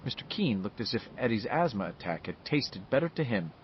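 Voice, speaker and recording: Man reading a novel out loud, lively storytelling voice, kinda muffled audio. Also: lowish voice, a little fast, a little hiss or hum. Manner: expressive storytelling delivery. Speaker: audiobook narrator. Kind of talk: scripted narration.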